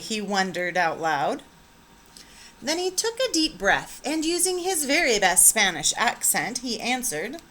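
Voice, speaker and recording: A woman teacher reading a picture book aloud with expressive, animated storytelling. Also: fairly high pitch, measured pace, a little hiss or hum.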